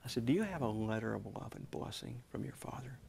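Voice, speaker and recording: Man, 60s, gravelly, earnest storyteller, hushed asides, faint rumble. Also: expressive, fast. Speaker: guest author. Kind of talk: television interview.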